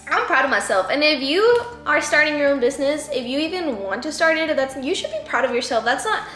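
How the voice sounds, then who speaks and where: Emotional and rambling, a twenty-something woman who owns a boutique delivers a motivational talk through tears, her voice breaking and full of "like" and "you know." She speaks high, brisk, and sharp with lively intonation, in an echoey room with faint music.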